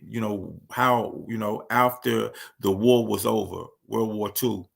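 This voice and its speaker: Gravelly-voiced man giving an emphatic talk. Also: lowish voice, fairly bright tone. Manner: emphatic, repeats key phrases for stress. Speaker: speaker. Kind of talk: spoken commentary monologue.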